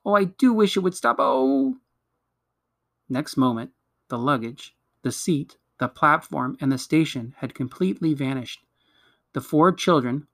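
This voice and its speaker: A man reading a children's novel aloud at a measured pace, with occasional slips he corrects. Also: medium pitch, fairly bright tone, no echo, studio quality. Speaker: reader.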